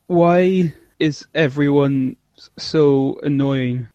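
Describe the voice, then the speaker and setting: A man's voice: on the high side, slow, warm tone, no echo, lo-fi sound. A man co-hosting a casual chat, rambling and often trailing off mid-thought. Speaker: podcast co-host. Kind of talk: casual chat reviewing an episode.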